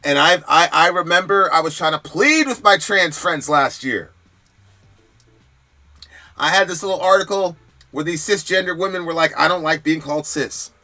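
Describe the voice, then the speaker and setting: A man's voice: high-pitched, normal speed, pauses often, sharp tone. A man hosting a political commentary stream, talking in a heated, emphatic and profane way. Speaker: host.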